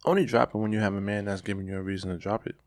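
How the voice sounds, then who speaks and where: Gravelly low-voiced man chatting casually. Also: steady tone, no room sound, studio quality. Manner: laid-back, jokey, drawn-out phrasing. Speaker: podcast co-host. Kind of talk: casual chat.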